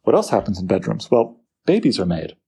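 Man, husky, gravelly, literature lecture, lively, rhetorical questions. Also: lowish voice, a little fast. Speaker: literature teacher. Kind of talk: lecture on a poem.

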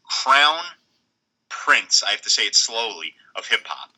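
Podcast co-host, middle-aged man, very bright tone, blunt and rambly. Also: fairly low pitch, slightly rough, rough recording. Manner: rambling, blunt, halting restarts. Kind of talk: casual chat.

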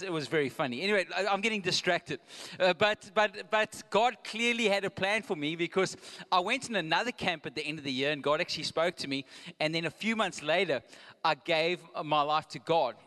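A man's voice: a little high, a little fast, sharp tone. A man preaching a live sermon in a conversational way, with joking asides and restarts. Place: church auditorium. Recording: long hall reverb, live.

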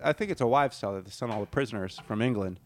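A man's voice: lowish voice, very fast, a crowd in the background. A man co-hosting a podcast who talks casually, swears a lot and works himself up into rants. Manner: profane, ranting, gets worked up. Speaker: podcast co-host.

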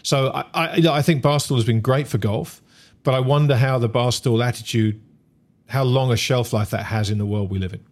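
A man's voice: medium pitch, fairly quick. Hesitant man musing aloud. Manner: musing, hesitant, many restarts. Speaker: podcast co-host. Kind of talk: casual discussion.

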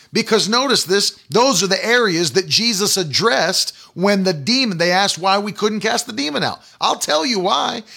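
Guy preaching, high pitched, sharp bright voice, keeps asking then answering himself. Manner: emphatic, repetitive call-and-response phrasing. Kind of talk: sermon.

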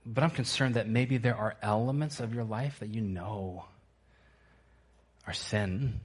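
A man's voice: fairly low pitch, unhurried, slightly rough. A male pastor preaching a sermon to his church, emphatic and repetitive, asking the congregation to answer back.

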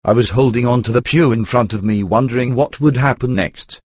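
A man reading a first-person book aloud in an even, computer-rendered narration. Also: medium pitch, brisk, dry recording. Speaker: audiobook narrator.

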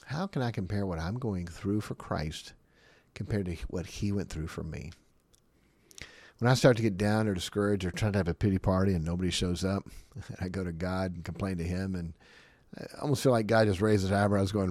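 A man preaching a sermon, emphatic and animated, often laughing between his points. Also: deep voice, brisk, no echo. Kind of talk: sermon teaching.

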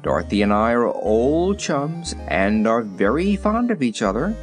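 A man's voice: medium pitch, very animated, unhurried, soft background music. A man reading aloud and voicing a huge timid lion who speaks mildly and meekly. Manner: mild, meek. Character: huge timid male lion, mild and meek.

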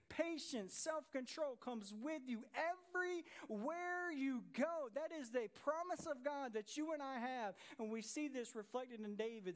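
A pastor preaches a sermon in a very high voice, animatedly telling a Bible story and acting out the voices of its characters.

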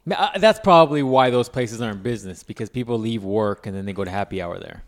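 A man's voice: lowish voice, expressive, fast talker. A man trading crude, teasing jokes in casual podcast chat.

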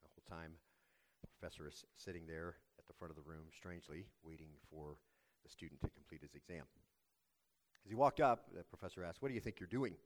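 A man preaching a sermon as pastor, telling a story in a measured, earnest way. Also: very deep voice.

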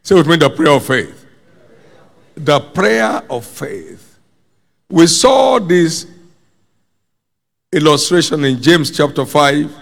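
A man's voice: fairly high pitch, big pitch swings, takes it slowly, creaky, pauses often, in a large hall. A man preaching a sermon with emphasis, repeating his key phrases and calling on the congregation to answer.

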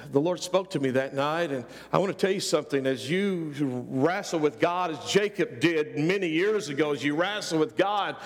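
A man's voice: fairly high pitch, creaky, in a large hall. A middle-aged male pastor preaching a sermon with rising fervor and repeated phrases.

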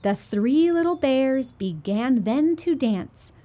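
Woman children's storyteller, sing-song, gentle and unhurried; lively high delivery. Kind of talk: reading a picture book aloud to children.

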